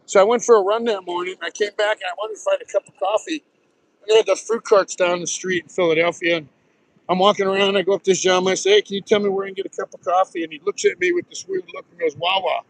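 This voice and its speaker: Walking a beach with his phone held out, a Southern New Jersey man in his sixties, a retired Marine pilot, tells rambling stories on a casual live stream and swears now and then. The recording of his high-pitched voice is rough.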